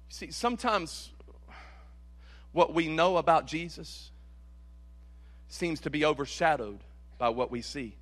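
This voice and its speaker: Emphatic preacher with a high, bright voice. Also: male voice, takes it slowly, long pauses. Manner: dramatic, repeats key phrases, swings from loud to hushed. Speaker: pastor. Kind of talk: sermon.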